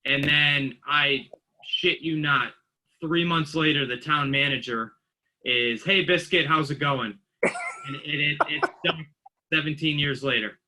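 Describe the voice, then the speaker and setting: A man in his late thirties, a police officer on a podcast, tells a story with a very bright, sharp edge to his somewhat high voice. He talks casually, acting out the voices of the people he quotes. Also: steady tone, measured pace, a little hiss or hum, rough recording. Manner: anecdotal, acts out quoted voices.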